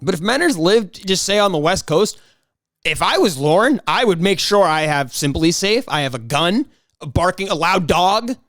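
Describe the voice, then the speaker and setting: A man hosting a solo podcast, rambling in a casual, excitable way with frequent restarts and mock outrage. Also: high voice, moderate pace, no room sound, studio quality. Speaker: podcast host.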